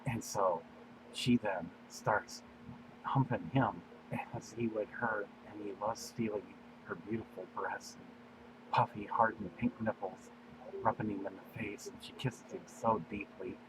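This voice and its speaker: A man with a fairly low voice reads his own fan story aloud at an unhurried, meandering pace, with fillers. A steady hiss of noise lies under the home recording. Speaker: story reader. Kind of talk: amateur fan-fiction reading.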